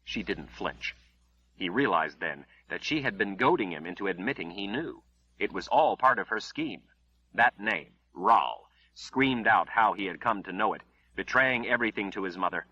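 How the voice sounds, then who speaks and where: Husky low-voiced male audiobook narrator. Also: expressive, sharp tone, highs cut off. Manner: measured, dramatic storytelling. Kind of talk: scripted dramatic narration.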